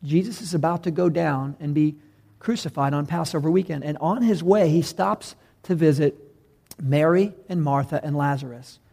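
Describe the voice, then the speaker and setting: Animated male pastor, higher voice. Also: moderate pace, creaky. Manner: animated storytelling, bursts of loud emphasis. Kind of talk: sermon.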